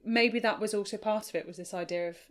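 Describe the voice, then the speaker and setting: A woman's voice: mid-range voice, quick pace. A woman co-hosting a casual podcast chat, blunt and casually sweary.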